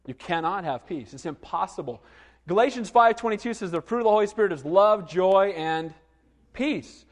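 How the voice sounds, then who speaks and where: A middle-aged man preaching a sermon, telling lively stories and asking the congregation questions. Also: sits high, long reverb tail. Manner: animated storytelling with asides to the congregation. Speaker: pastor.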